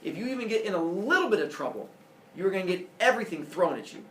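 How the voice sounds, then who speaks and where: A man voicing a stern older male judge who lectures in a booming, emphatic way. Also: very animated, fast, a bit bright, a little hiss or hum. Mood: forceful. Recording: echoey room, voice from far off.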